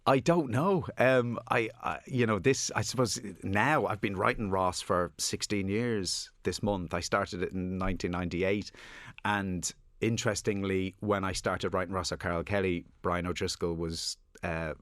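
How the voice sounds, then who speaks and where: Deep-voiced Irish man, rambling chat. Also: fairly even intonation, moderate pace, fairly bright tone, no room sound, clean studio sound. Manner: rambling, self-deprecating, many restarts. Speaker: author guest. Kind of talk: radio studio interview. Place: radio studio. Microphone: studio microphone.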